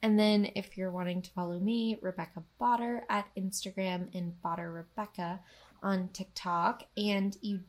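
A young adult woman co-hosting a podcast, telling stories in an emotional, animated way. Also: mid-range voice, normal speed. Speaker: podcast co-host. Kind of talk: casual chat.

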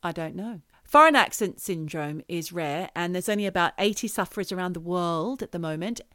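A woman with a fairly low voice tells a story at length in a casual conversation, now and then pressing a point with emphasis. The sound is dry and close, with no room around it. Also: animated, a little fast, sharp tone, dry recording. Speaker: podcast co-host telling a story.

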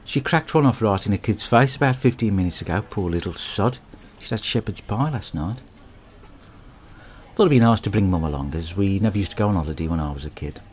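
A man delivers a crude, deadpan and rambling comic monologue. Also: lowish voice, a little fast, a little hiss or hum.

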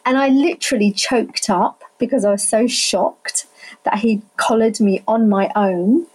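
A middle-aged woman tells her own story with animated emphasis. Her voice is mellow and soft-edged, with a slightly husky grain. She puts on the voices of the people she quotes. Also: a little high, a little slow, poor audio. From England. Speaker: family carer telling her story. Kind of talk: personal storytelling in conversation.

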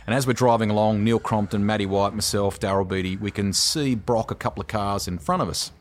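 Lower-voiced Australian motorsport commentator. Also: male voice, brisk, a little hiss or hum. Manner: animated anecdotes, often ends lines with "mate". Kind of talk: casual podcast interview, storytelling.

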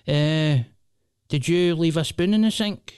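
A man's voice: fairly high pitch, a little slow, darkish tone, smooth, no echo, studio quality, pitched above the performer's own voice, lightly acted. A man doing his blunt old Scottish da. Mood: nagging. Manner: blunt, abrupt questions. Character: older Scottish dad, blunt and nagging.

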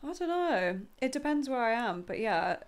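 A woman's voice: fairly high pitch, very animated, normal speed, slight background noise. A woman guesting on a casual podcast, giggling and giving short replies. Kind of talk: casual chat.

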